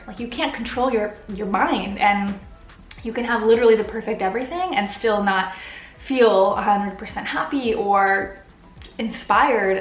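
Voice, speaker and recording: A woman's voice: medium pitch, echoey room. A woman YouTuber answering viewer questions in a casual, earnest way, getting emotional as she talks. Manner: open, earnest, gets emotional. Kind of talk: casual Q and A vlog.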